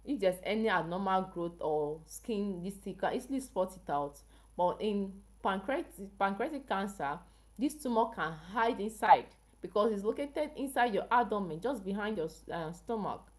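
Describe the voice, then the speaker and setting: A woman's voice: mid-range voice, expressive, normal speed. A woman from Africa hosting a casual health livestream, chatting with viewers and asking them questions. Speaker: health channel livestream host.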